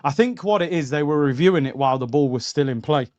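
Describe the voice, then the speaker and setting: A young man, voice sitting a bit high, streaming a live football watchalong. He reacts indignantly and talks straight to his viewers, calling them lads and bro. The voice is close and clear on a streaming mic. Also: expressive, fast, darkish tone, lo-fi sound. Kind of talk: live match watchalong commentary.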